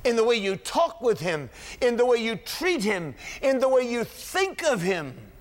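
A pastor with a high-pitched voice preaches to his congregation. He talks in an earnest, conversational way, stacks up rhetorical questions and acts out lines of scripture dialogue, sometimes chuckling between points. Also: big pitch swings, unhurried. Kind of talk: sermon.

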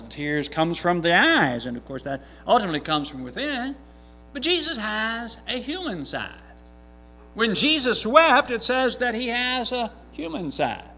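This high, bright, pushed male voice belongs to a man who first reads from scripture and then delivers a sermon. Earnest and emphatic, he keeps circling back to his main points with frequent restarts.

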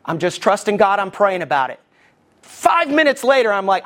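Animated pastor preaching. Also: male voice, moderate pace. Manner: animated, acts out quoted voices with big pitch jumps; calls out to the congregation for response. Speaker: lead pastor. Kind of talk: sermon.

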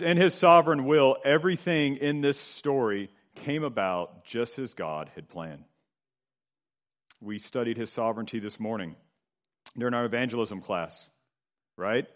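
Man preaching with rising and falling force. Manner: expressive preaching, swelling louder then dropping low and quiet. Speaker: pastor. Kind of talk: sermon.

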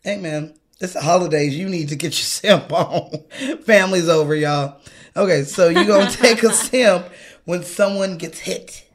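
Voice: mid-range voice, moderate pace. A co-host in a casual chat, swearing often and laughing while laying out a movie drinking game. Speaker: podcast co-host.

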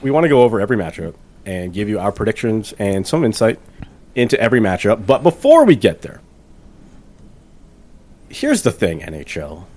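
Low-voiced podcast dude, chatty, gets ranty and emphatic. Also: male voice, huge pitch swings, normal speed, pauses often, a little mellow. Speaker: podcast co-host. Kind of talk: casual chat.

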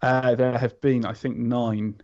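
Guy on a podcast, gravelly voice, lots of ums, bit muffled lo-fi sound. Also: medium pitch, level tone, a little slow, a little mellow. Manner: hesitant, many ums and restarts. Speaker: podcast guest. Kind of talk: casual chat recommending a comic. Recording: slightly dull lo-fi sound.

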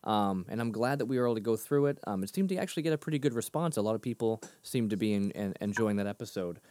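A man's voice: fairly low pitch, animated, darkish tone, dry recording. Rambling, chuckling podcast guy. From near Boston. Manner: rambling, self-deprecating, quick to laugh. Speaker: podcast co-host. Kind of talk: casual chat.

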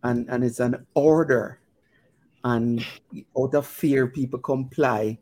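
A man's voice: medium pitch, fairly even intonation, takes it slowly, darkish tone. A man co-hosting a talk show, easygoing and chatty, calling everyone "man". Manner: easygoing, says "man" often. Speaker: co-host. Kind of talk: casual talk-show chat.

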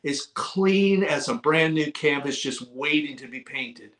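A middle-aged man being interviewed as a guest author, telling his conversion story with fervor and sometimes shouting as he relives it. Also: fairly high pitch, lively intonation, a little slow. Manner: fervent storyteller, bursts into shouting when reliving moments. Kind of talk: testimony in a talk-show interview.

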